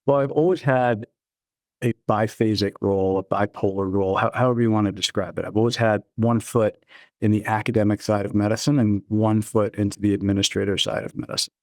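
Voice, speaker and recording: A middle-aged man telling stories from his career in a relaxed, anecdotal way during an interview. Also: fairly low pitch, a little fast, no room sound. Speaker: guest, chief innovation officer. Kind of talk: storytelling interview answers.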